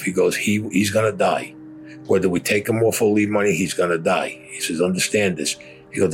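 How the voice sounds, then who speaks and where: Blunt older man, deep voice. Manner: blunt, profane, gritty storytelling, acting out dialogue. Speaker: war veteran telling his story. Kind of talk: spoken personal war story.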